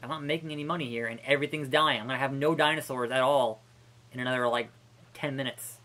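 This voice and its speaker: A man's voice: medium pitch, steady tone, quick pace, pushed and bright. A man streaming a park-building game, ranting profanely and exasperated with many restarts. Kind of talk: casual gameplay commentary.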